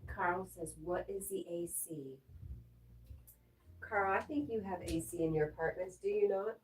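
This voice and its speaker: A woman's voice: fairly low pitch, measured pace, a little hiss or hum. A woman hosting a casual livestream, reading viewer comments aloud, answering them in a chatty way and talking to her dog in between. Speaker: livestream host.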